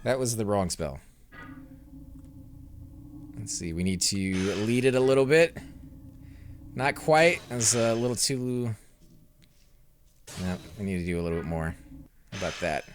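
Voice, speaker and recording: A young man hosting a let's play, commentating his fights and chatting with viewers, growing loud and excited during combat. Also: on the low side, unhurried, pauses often, soft background music. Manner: excitable, reacts loudly to in-game fights, talks to chat. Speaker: gaming channel host.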